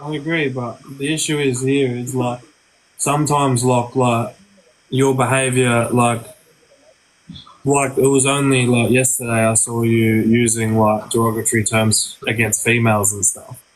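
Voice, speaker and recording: Calm hesitant man, lots of fillers. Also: mid-range voice, unhurried, a little hiss or hum, poor audio. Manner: calm, hesitant, filler-heavy, says like a lot. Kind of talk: casual chat.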